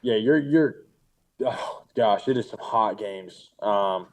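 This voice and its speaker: A teenage man speaking as an interview guest, telling relaxed stories with fillers and restarts. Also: lowish voice, slow. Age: teens. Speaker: guest, pro baseball player. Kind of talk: casual interview chat.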